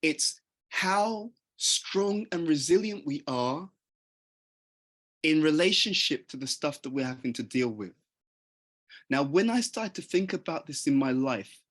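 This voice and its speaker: A man with a husky, slightly higher voice gives a motivational talk. He speaks earnestly and conversationally. He keeps turning to his listeners with questions.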